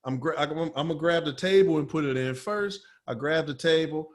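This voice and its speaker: A man's voice: on the high side, a little fast, slight background noise. A man co-hosting a podcast, telling a story in casual chat full of profanity and slang. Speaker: podcast co-host.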